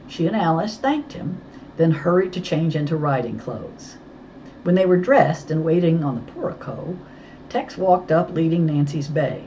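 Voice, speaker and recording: Low-voiced woman reading a storybook. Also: expressive, moderate pace, dark tone, dull audio, slight background noise. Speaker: audiobook reader. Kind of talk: storybook narration.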